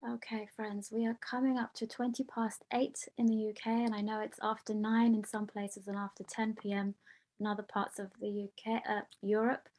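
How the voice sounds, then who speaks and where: A woman hosting a group prayer call on a video meeting, speaking in slow, soothing, blessing-like phrases. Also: medium pitch, little pitch movement, darkish tone. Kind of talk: guided prayer and meditation.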